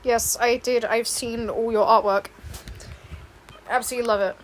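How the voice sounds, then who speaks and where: A woman's voice: a little high, steady tone, moderate pace, slight background noise. A young woman chatting casually with viewers while she draws, rambling with laughing asides. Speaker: streamer and artist. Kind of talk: casual chat while drawing. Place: home room, indoors.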